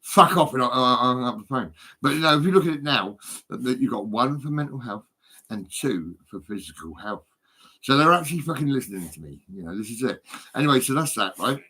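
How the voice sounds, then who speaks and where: A man talks in a loose, rambling way, stammering, repeating himself and swearing freely. His voice sits at an ordinary pitch for a man. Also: animated, fast, bright, forceful tone, husky. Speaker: storyteller talking to a friend. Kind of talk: casual rambling chat.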